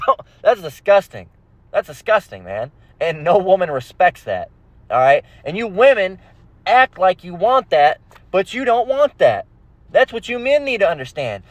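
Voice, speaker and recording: A man's voice: high voice, no room sound. A man hosting a religious channel, ranting aggressively and profanely, constantly asking "all right?". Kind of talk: ranting monologue.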